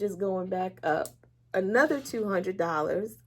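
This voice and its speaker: A woman at an ordinary middle pitch tells her own story of faith in a one-on-one conversation. She talks candidly and with feeling, acting out the voices of people she quotes. Light laughs sit between serious words. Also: expressive, unhurried. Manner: candid and emotional, acts out quoted speech. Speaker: interview guest. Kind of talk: personal faith testimony in conversation.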